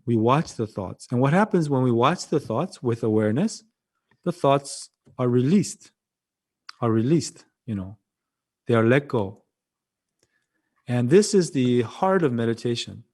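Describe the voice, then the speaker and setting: A man with a Korean accent, a Buddhist monk giving a dharma talk over a video call, gentle and halting, often repeating his phrases. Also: medium pitch.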